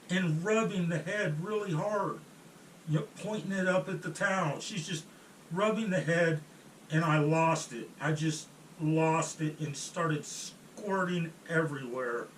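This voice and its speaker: Slow, halting man in an echoey room. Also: fairly high pitch, fairly bright tone. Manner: halting, with restarts and trailing pauses. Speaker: storyteller. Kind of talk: first-person storytelling monologue. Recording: roomy echo, distant mic, faint room noise.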